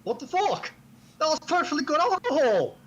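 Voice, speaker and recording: Man doing a crude boozer, cheeky, swearing, bright lively voice, tabletop game. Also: on the high side, moderate pace, breathy edge, dull audio, exaggerated voice. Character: crude hard-drinking man calling everyone dearie.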